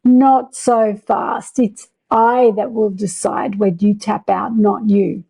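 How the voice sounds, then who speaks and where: A woman's voice: medium pitch, level tone, slow pace, gravelly, mellow, husky, faint music behind, exaggerated voice, poor audio. Stern willful inner voice of the body, as a woman puts it on. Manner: assertive, commanding, no-nonsense.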